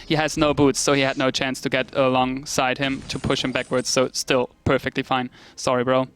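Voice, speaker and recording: A man's voice: mid-range voice, completely flat delivery, moderate pace, fairly bright tone, clean tone. A man commentating a live esports match in a casual, self-deprecating way, often laughing at himself.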